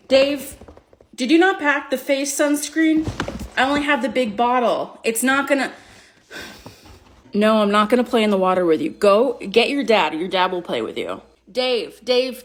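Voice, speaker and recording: A woman's voice: on the high side, lively intonation, moderate pace, slight background noise, pitched above the performer's own voice, lightly acted. A woman playing a harried suburban mother at the beach, scolding her kids and husband. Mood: exasperated. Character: frazzled suburban mom at the beach, exasperated.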